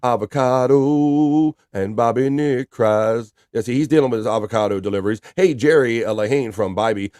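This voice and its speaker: A man's voice: mid-range voice, darkish tone, no echo, studio quality. A man hosting a live stream, joking casually and reading chat messages aloud. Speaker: livestream host.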